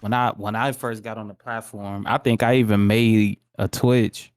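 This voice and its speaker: A man's voice: lowish voice, flat delivery, moderate pace, clear, resonant tone, dry recording, studio quality. A man in a casual roundtable chat, talking in a laid-back, slangy way. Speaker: streamer guest.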